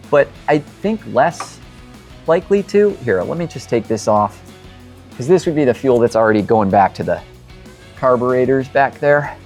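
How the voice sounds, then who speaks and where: Chatty mechanic guy talking while he works on a car in his shop, middle-pitched voice, some soft guitar in the background. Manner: rambling, chatty, self-deprecating storyteller. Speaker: mechanic and show host. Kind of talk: casual talk while working on a car.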